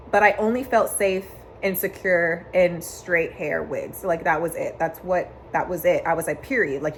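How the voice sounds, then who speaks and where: A woman's voice: lowish voice, a little hiss or hum. A young woman vlogger telling a personal story, candid and emotional, with many "like" fillers.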